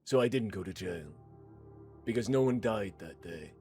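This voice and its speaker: A man's voice: lowish voice, gravelly, faint music behind. A man playing a cold, unrepentant large man. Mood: cold, calm. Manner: flat, unrepentant, measured. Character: large cold-blooded man, calm and menacing.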